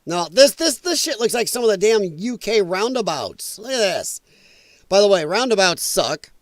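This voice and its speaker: Animated, swearing livestream host. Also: male voice, high-pitched, moderate pace, dry recording. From US Midwest. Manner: loud, profane, laughing often. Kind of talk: casual livestream commentary. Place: home, dog nearby.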